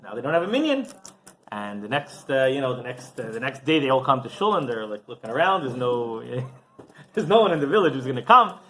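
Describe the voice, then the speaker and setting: Man, rabbi, storytelling sermon, bright voice, lively swooping pitch, casual asides. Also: brisk, slight background noise. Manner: animated, casual, frequent restarts and asides.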